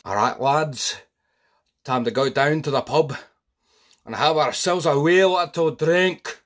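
A man doing a shouting Scottish pub lad. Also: takes it slowly. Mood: rowdy. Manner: put-on Scottish accent, shouting, high and excited. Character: rowdy male Scottish pub-goer, boisterous.

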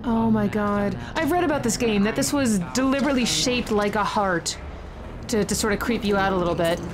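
A woman hosting a gaming channel, giving excitable, chatty let's-play commentary full of exclamations. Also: medium pitch, fairly quick, music in the background.

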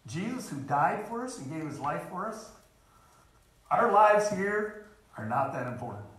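A man's voice: fairly high pitch, sing-song, a little slow, a bit bright. A man preaching a sermon in a church in an earnest, emphatic way, reading scripture aloud. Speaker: lay preacher. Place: church sanctuary. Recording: very echoey church hall.

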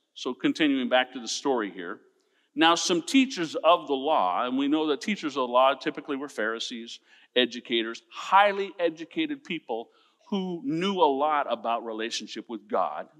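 Male pastor, sermon, lively swooping pitch, long church echo. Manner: call-and-response preaching, rising emphatic peaks. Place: church sanctuary.

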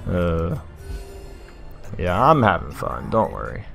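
A man's voice: sits low, creaky, a bit bright. A young adult man venting as a gaming streamer, giving exasperated live gameplay commentary full of mild oaths in place of swears.

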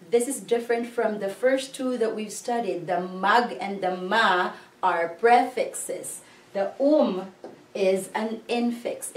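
A woman's voice: on the high side, a little mellow. A woman teaching a language lesson, patiently breaking words into syllables and repeating them. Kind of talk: slow classroom-style grammar lesson. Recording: echoey room, voice a bit far from the mic.

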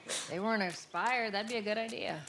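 A woman's voice: mid-range voice, brisk, fairly bright tone, a little hiss or hum, natural voice. An actress playing a tough, weary woman smuggler in a video game, blunt and dry.

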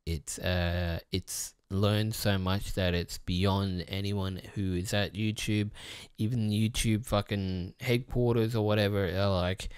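A man's voice: on the low side, fairly even intonation, takes it slowly, clean tone, dry recording, clean studio sound. A man hosting a gaming channel, rambling through a profane casual rant to the camera with many restarts. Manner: mocks others with put-on quoted voices.

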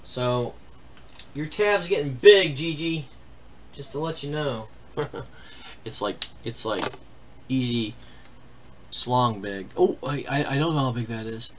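A man's voice: medium pitch, slow pace, long pauses, fairly bright tone, slight background noise. A man hosting a live card-break stream, chatting casually in rambling anecdotes and reading out lists of names and teams. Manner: rambling anecdotes, then listing name-team pairs.

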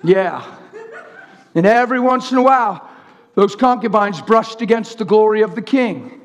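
A male preacher delivering a fervent, excitable sermon, swinging between shouting and hushed tones. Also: sits high, normal speed. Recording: reverberant hall.

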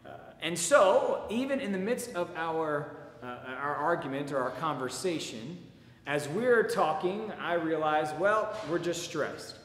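A man's voice: on the high side, lively intonation, measured pace, a bit bright. A man preaching a sermon as pastor, telling a personal story in an earnest way and repeating his words as he goes. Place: church sanctuary. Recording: echoey church with long reverb.

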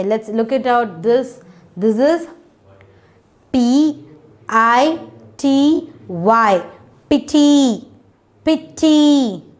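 A woman's voice: a little high, fairly bright tone. A woman teaching a children's phonics lesson, spelling out letters one by one, repeating each word and checking in with "okay".

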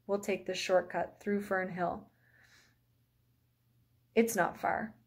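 A woman reading a storybook voices a curious, caring young girl. She asks questions and looks out for her friends, at a mid pitch. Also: fairly even intonation, slow.

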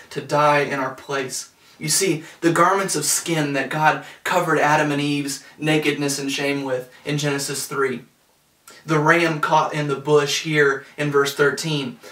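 A pastor preaching a sermon, earnest, slowing down to stress scripture quotes. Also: male voice, on the high side, fairly bright tone. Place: church sanctuary. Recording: roomy sound from a distance.

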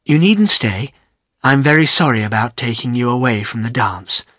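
A man's voice: medium pitch, animated, moderate pace, bright, forceful tone, no echo, studio quality. A man voicing a proper, reserved young woman who speaks coolly and firmly, in a storybook reading. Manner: cool, clipped.

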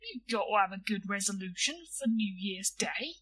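A gloomy, firm old shopkeeper, as a woman reader puts him on, who talks in a heavy, lugubrious way. The tone is husky and bright. It is heard a little off-mic in a storybook reading. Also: mid-range voice, animated, normal speed, recorded from a distance.

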